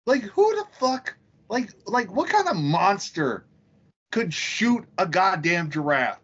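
A man co-hosting a comedy podcast, telling crude anecdotes with excitement. His voice is husky and a touch high, and it moves up and down a lot. The sound is slightly dull and lo-fi. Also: slow. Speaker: podcast co-host.

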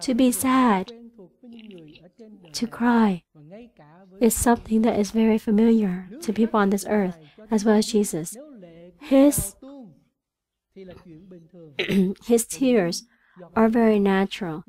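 A woman whose first language is Vietnamese, interpreting a church sermon in an earnest, halting way with frequent restarts. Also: mid-range voice, a little mellow.

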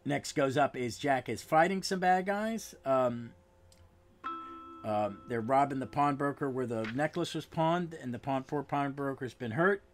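A man talks through a comic issue in a loose, conversational way, at a middling pitch for a man. He wanders, stops mid-phrase, restarts and drifts into asides as he recaps the story. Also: faint music behind. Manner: rambling, halting, with frequent restarts and trailing asides. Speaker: podcast host. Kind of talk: casual comic book recap.

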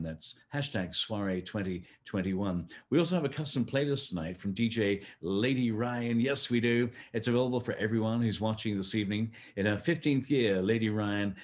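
Man, fundraiser host, lowish voice, friendly chatty delivery, many fillers. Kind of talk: live-streamed gala hosting.

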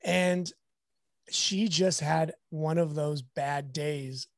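A man's voice: a little high, extremely slow, no room sound, clean studio sound. A sports photographer chatting on a podcast, a man with a Southern Californian accent, telling a story and acting out what others said. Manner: animated, acts out quoted dialogue. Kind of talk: casual storytelling.

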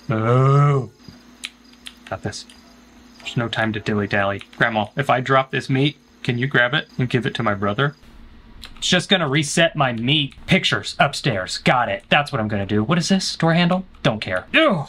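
A man giving playful gaming commentary, his voice bright and sharp as it swings up and down. He jokes and talks back to the characters on screen, excitable and quick to shout, with faint music playing underneath. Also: mid-range voice. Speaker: streamer playing a horror game.

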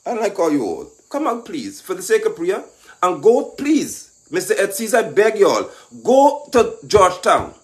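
Fiery high-pitched man lecturing. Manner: mocking, lecturing, rising to shouts. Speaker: political commentator. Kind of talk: impassioned political monologue.

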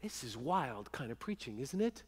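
A male pastor preaching a sermon, earnest and often sinking into a hushed, intimate voice. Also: medium pitch, very animated, normal speed, slightly rough, long reverb tail. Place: church sanctuary.

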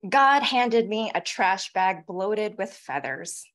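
A woman in her forties, a featured poet, reading her poems slowly and deliberately, then chatting quickly between them over a video call. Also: mid-range voice, big pitch swings, a bit bright. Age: 40s. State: tearful, voice catching. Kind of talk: poetry reading with spoken asides.

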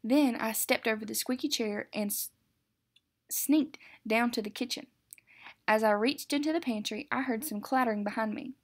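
A woman teacher reads a funny picture book aloud in an expressive storytelling voice. Her voice sits fairly high, and she sometimes stumbles and corrects a word. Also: moderate pace. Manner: expressive, with some self-corrections.

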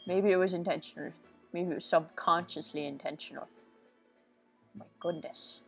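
A woman's voice: lowish voice, normal speed, long pauses, slightly rough, faint music behind. Rambling woman doing game commentary. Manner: rambling, silly, talks to herself with sudden outbursts. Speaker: let's play host.

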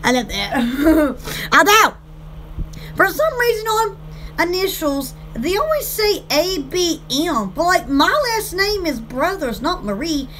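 A woman rambles through a casual live chat for her online shop. Her voice sits very high and swoops around, and she talks in a slow, drawn-out way. She giggles and squeals often, with a faint background hum. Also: sing-song, fairly bright tone.

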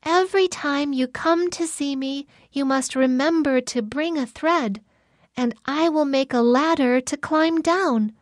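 Lady doing a sweet naive tower girl, high soft voice, slow storybook reading. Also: no echo, clean studio sound.

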